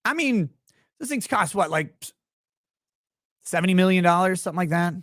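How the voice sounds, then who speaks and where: A man's voice: high voice, lively intonation, normal speed, a bit bright, no room sound, clean studio sound. Sarcastic man riffing on a livestream. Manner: sarcastic, rambling, mocking impressions; talks to chat viewers by name. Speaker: livestream host. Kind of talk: casual livestream commentary.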